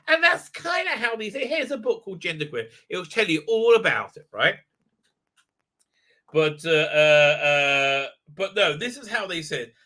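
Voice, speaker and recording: A high-voiced man hosts a live commentary stream in a rambling, sarcastic way. His tone is very bright and sharp, and he fills gaps with many fillers. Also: sing-song, a little slow. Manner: mocking put-on voices when quoting. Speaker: show host.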